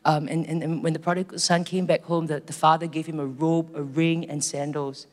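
A man with a Singaporean accent preaching a storytelling sermon, earnest and slowing down for emphasis. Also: fairly high pitch, little pitch movement. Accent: Singaporean English. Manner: earnest, slows down for emphasis, many restarts. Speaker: pastor. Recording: reverberant hall, faint music.

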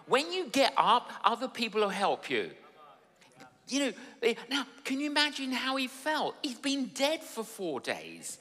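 A man's voice: very high voice, huge pitch swings, normal speed, bright, forceful tone. Emphatic male preacher in an echoey hall. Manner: emphatic, repeats phrases for effect. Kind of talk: sermon. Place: church service.

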